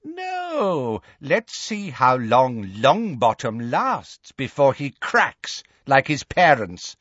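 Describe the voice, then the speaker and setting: A man voicing a gaunt, cruel witch who relishes tormenting others, pitched well above his own voice. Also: wildly swooping pitch, slow, fairly bright tone, dry recording, highs cut off, exaggerated voice. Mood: gleeful cruel.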